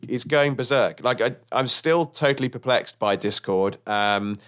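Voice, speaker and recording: A man's voice: mid-range voice, unhurried, fairly bright tone. A middle-aged man hosting a podcast, chatting casually and rambling a little between topics. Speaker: podcast host.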